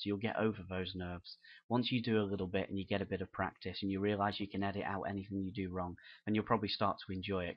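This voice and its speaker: A man from the United Kingdom gives an unscripted business marketing lesson, sounding earnest, encouraging and conversational. His voice is low-pitched, and the recording has its highs cut off.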